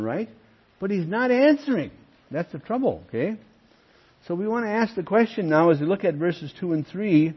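An older male pastor preaches with a husky, fairly high voice that swings widely in pitch. He presses each point with earnest emphasis and talks straight to his flock. The recording sounds dull and lo-fi. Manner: earnest preaching, emphatic, addresses listeners as friends. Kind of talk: sermon.

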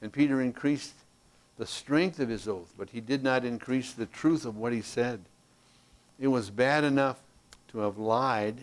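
Working from a handout, this Bible class teacher is animated and down-home, tossing in playful side comments. He goes from loud emphasis to near whispers, with a medium-pitched voice and a measured pace.

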